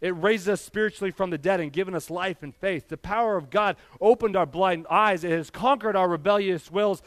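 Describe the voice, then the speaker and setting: A man's voice: high-pitched, a little fast, fairly bright tone, no room sound. A man in his thirties preaching a sermon as pastor, speaking earnestly and building to emphatic passages as he addresses the church directly.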